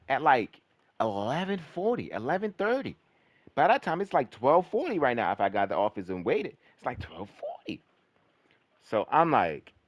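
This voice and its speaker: Animated man telling a rambling story. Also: medium pitch, dry recording. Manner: animated, profane, rambling with fillers. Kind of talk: casual storytime chat.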